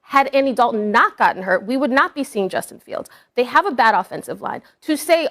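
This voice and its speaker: A woman arguing a point as a sports analyst on a debate show, firm and measured. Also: on the high side, animated, fairly bright tone.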